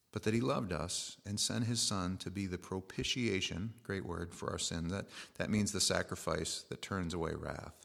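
In an earnest, conversational sermon, a middle-aged male pastor drifts into personal stories. His very low voice has a gravelly edge and a slight brightness.

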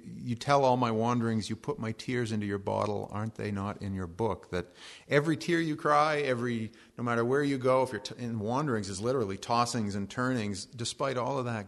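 Gravelly-voiced man preaching a sermon. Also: on the low side. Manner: conversational and joking, reading scripture slowly. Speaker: pastor.

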